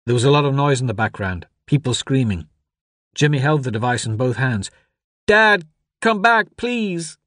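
Male audiobook narrator, measured and even, dry booth sound. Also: medium pitch, dry recording. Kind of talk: scripted narration.

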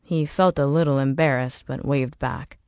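Low-voiced woman narrating an audiobook. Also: fairly even intonation, normal speed, a little mellow, dry recording, clean studio sound.

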